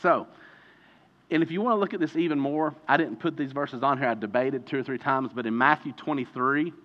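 A man preaching a sermon, animated and emphatic, slowing down dramatically to stress his points. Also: medium pitch. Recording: dull reverberant hall recording.

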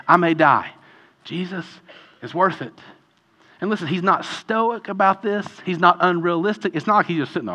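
A man preaching a sermon in a conversational, animated way, often acting out quoted voices. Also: sits high, moderate pace, muffled recording. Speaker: pastor.

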